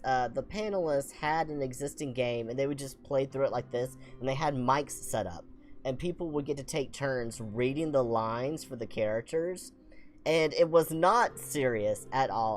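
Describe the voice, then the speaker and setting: A young adult streamer from the American South, speaking with a Southern accent, tells a rambling, self-deprecating story and reads game text aloud during a casual let's-play. His voice is mid-range and a little mellow.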